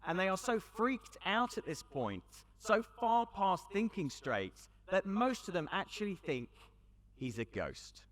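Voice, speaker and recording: A man's voice: high-pitched, big pitch swings, a bit bright. British man preaching in a reverberant hall. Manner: storytelling, conversational, dramatic pauses. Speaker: youth event speaker. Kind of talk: preaching talk to young audience. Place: large hall with audience.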